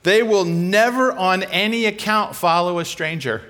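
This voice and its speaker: Delivering his sermon in a lively, conversational style at a moderate pace, a man acts out the voices of the people he quotes, swinging widely in pitch and loudness.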